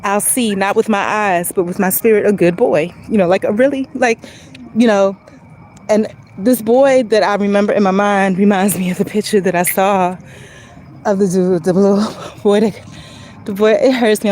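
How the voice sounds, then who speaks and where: A woman's voice: mid-range voice, fairly even intonation, measured pace, pauses often, a little mellow, slight background noise, low-quality recording. Earnest woman vlogging outdoors. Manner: earnest, emotional, meandering. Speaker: vlogger speaking to viewers. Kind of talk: casual rambling vlog talk. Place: outdoors on a street, walking.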